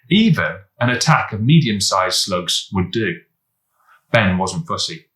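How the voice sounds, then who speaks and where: A man, a teacher, reading a children's book aloud in a lively, expressive way. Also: low voice, measured pace, reverberant, poor audio. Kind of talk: storybook read-aloud.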